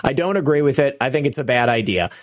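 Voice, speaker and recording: A man's voice: medium pitch, expressive, fast. A man hosting political commentary in a sarcastic, mocking tone, talking straight to the viewer.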